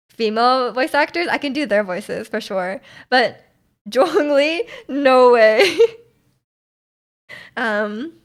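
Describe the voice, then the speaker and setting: A young woman streamer chatting casually with her viewers, giggling and rambling as she answers their chat messages. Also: fairly high pitch. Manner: giggly, rambling, trails off into mumbles.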